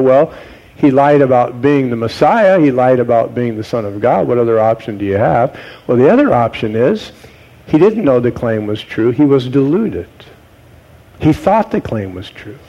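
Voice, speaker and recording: A man preaching a sermon, posing rhetorical questions to his congregation and dropping to low, quiet tones for emphasis. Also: sing-song, normal speed, dull audio. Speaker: pastor.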